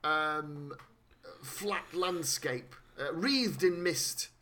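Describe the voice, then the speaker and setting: A man from Britain co-hosting a casual film chat, animated and sweary, who often restarts his sentences. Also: fairly high pitch, extremely slow, slight background noise.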